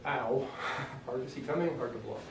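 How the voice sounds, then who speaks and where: A man's voice: mid-range voice, a little fast, background noise. Joking man teaching from far off. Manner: relaxed, joking, often clears throat. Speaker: self-defense instructor. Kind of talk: casual demonstration lesson. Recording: roomy echo, mic far off, faint ambience.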